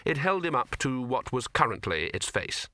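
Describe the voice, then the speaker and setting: A man narrates a comic fantasy audiobook with a bright, forward tone. The sound is dry and close, with no room around it. He tells the story in a wry, deadpan way. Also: medium pitch, moderate pace, no echo. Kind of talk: scripted narration.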